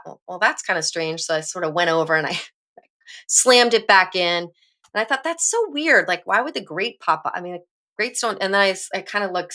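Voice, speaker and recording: A woman co-hosting a podcast, telling a personal story in a candid, animated way and swearing now and then. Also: lowish voice. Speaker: podcast co-host. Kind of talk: casual chat, personal storytelling.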